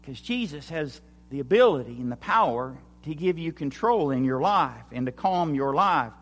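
A man's voice: a little high, expressive, moderate pace, long reverb tail. A man preaching a sermon with emphatic, repetitive lines and acted-out quotes. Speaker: pastor.

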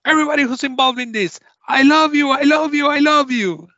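A man's voice: extremely high pitch, a little fast, bright, forceful tone, dry recording, dull audio, pitched above the performer's own voice. A man doing a shrieking overjoyed award winner. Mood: ecstatic. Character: ecstatic grown man yelling thanks at an awards show.

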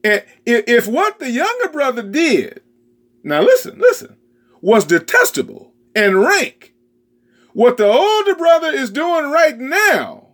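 A male preacher giving an animated, folksy sermon with exclamations and asides. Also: very high voice, a little slow.

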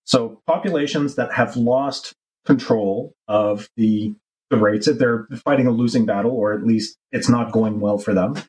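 A man's voice: mid-range voice, normal speed, darkish tone, low-quality recording. Male podcast co-host, probing questions, mid-range voice. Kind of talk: casual panel discussion.

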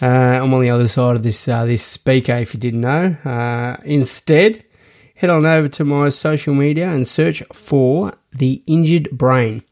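A man's voice: mid-range voice, steady tone, a little slow, a little mellow. A man hosting a podcast in a casual, rambling monologue full of restarts and fillers. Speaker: podcast host.

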